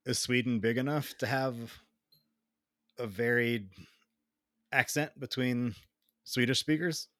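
A man's voice: medium pitch, steady tone, slow pace, long pauses, a bit bright, dry recording, studio quality. An American man hosting a podcast, asking curious questions in a casual, loose way with some swearing. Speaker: podcast host. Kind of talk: casual chat.

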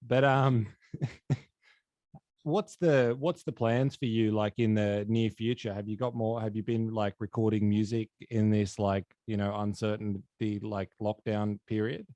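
A man's voice: fairly low pitch, steady tone, a little slow, warm tone, no room sound, dull audio. A man hosting a podcast, chatting casually with lots of fillers. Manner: rambling, many fillers and restarts. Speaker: podcast host. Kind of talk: casual interview chat.

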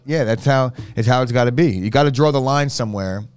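A male podcast co-host explaining how things must work in a casual chat. His voice is smooth and clear. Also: mid-range voice, quick pace, a little mellow. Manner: insistent, explaining rules.

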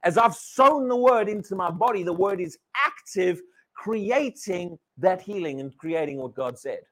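A British man preaches to his congregation in a church hall. His voice sits high and rises and falls a lot as he stresses each point. He repeats key words and keeps asking the room questions. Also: lively intonation, unhurried, a bit bright. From Britain. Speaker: pastor. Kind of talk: sermon.

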